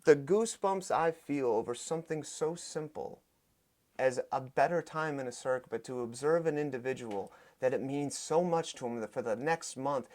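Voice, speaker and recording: A young adult man, a fitness coach, telling stories in casual podcast talk, getting animated and loud as he gets excited. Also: mid-range voice, normal speed. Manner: animated, voice rises sharply when excited. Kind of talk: casual storytelling.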